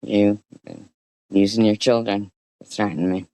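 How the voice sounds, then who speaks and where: A woman streaming an angry reaction, scolding and swearing in a profane rant, with frequent throat clearing. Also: extremely low pitch, fairly even intonation, a little slow, dark tone, dry recording.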